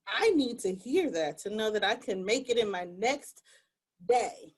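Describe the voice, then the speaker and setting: A woman's voice: fairly high pitch, measured pace, breathy edge. A woman speaking earnestly and with animation as a panelist in a discussion over a video call. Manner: earnest, animated, acts out quoted voices.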